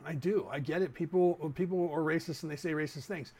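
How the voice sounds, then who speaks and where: Man, 50s, raised in the Bay Area; podcast host, loose rambling monologue, slightly raised pitch. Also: a little fast, a little mellow, husky. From San Francisco Bay Area. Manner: rambling, talks straight to listeners with asides. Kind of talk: casual opinion monologue.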